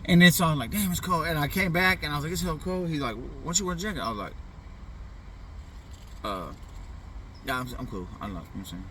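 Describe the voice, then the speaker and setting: A man's voice: fairly high pitch, expressive, a little fast, pauses often, fairly bright tone, distant mic, a little hiss or hum. A middle-aged man casually telling a funny childhood story in loose, profane slang, often tossing in "you know what I'm saying.". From US Pacific Northwest. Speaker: vlogger.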